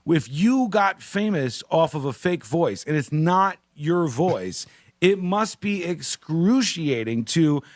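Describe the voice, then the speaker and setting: A man's voice: fairly high pitch, lively intonation, takes it slowly, no room sound. A man hosting a radio show, chatting casually, laughing and doing mocking impressions into a studio microphone.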